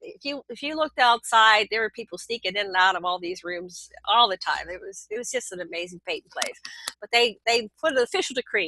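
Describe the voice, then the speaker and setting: An older woman telling a long personal story as an interview guest, lively and animated with laughs, restarts and quick asides. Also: medium pitch, dry recording, rough recording. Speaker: interview guest recounting experiences.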